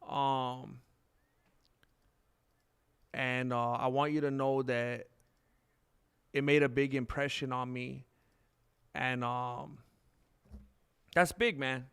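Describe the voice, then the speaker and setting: A man hosting a live stream in casual chat, rambling candidly and jumping into high, excited bursts when he thanks viewers. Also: slow pace, pauses often, smooth.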